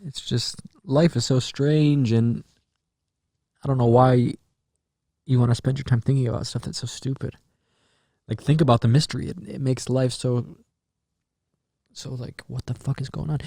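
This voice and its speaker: A man talking through a casual solo podcast monologue in a mellow, warm voice. He rambles and muses, drops casual swearing and trails off into fillers and restarts. The sound is dry and close, with little room. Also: mid-range voice, moderate pace, gravelly, dry recording. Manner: rambling, musing, swears freely. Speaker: podcast host.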